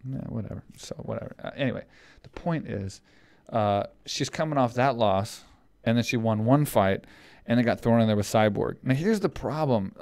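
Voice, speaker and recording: A man co-hosting a sports podcast, talking in an animated, casual way, swearing and calling his friend dude. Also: medium pitch, normal speed, vocal fry. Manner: animated, swearing, repeats phrases, calls people dude. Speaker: podcast co-host.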